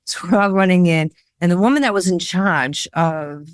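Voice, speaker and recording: A woman photographer being interviewed, talking in a rambling, animated storytelling way with lots of fillers. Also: on the low side, normal speed, clean tone, no room sound. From Worcester, Massachusetts area. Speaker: guest, photographer. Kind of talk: casual interview chat.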